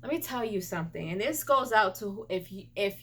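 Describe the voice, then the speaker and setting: A woman vlogger telling a personal story in an emotional, animated way, stumbling over her words and turning into an indignant scolding rant. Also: on the low side, a little fast, vocal fry, few pauses. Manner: emotional, animated retelling with repeated stumbles and restarts. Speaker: beauty and gaming vlogger.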